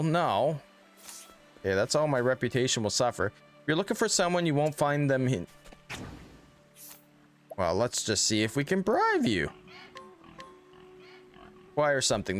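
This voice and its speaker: A man streaming a video game, reading its text aloud with casual, joking asides. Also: mid-range voice. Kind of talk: casual let's-play commentary.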